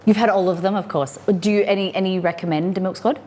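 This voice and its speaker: A woman's voice: medium pitch, fairly even intonation, fast talker, mellow, a little hiss or hum. An Australian woman hosting a casual live cooking stream, chatting as she cooks and reading viewer comments aloud. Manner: chatty, reads viewer comments aloud, talks to her dog. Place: home kitchen.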